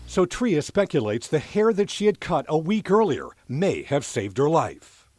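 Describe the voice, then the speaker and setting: A male TV news reporter giving scripted, dramatic crime-story narration in a measured delivery. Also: a little high, big pitch swings, darkish tone, no echo.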